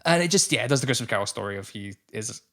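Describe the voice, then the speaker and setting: A man's voice: medium pitch, expressive, racing, creaky, a bit bright. A man co-hosting a casual film podcast, laughing often and stopping to restart his sentences. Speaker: podcast co-host.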